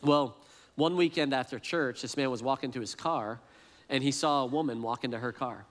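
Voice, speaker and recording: A man's voice: medium pitch, moderate pace, a bit bright. Earnest preaching man in a reverberant hall. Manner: earnest, repeats words as he restarts. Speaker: pastor. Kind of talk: sermon. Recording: long reverb, as in a large hall.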